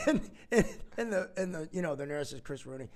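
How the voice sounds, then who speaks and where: A man's voice: on the high side, lively intonation, fairly quick, darkish tone. A man co-hosting a podcast, telling a story in casual chat and often breaking into laughter. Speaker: podcast co-host.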